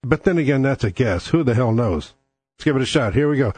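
Male podcast host, mid pitch, crude and sardonic, dry close-miked studio sound. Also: expressive, quick pace, darkish tone, slightly rough, no echo. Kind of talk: casual monologue.

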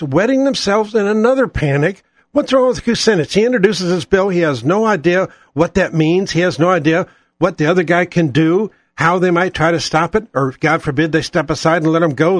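A man's voice: high-pitched, no echo. A man hosting a political talk show, ranting with profane, sarcastic exasperation.

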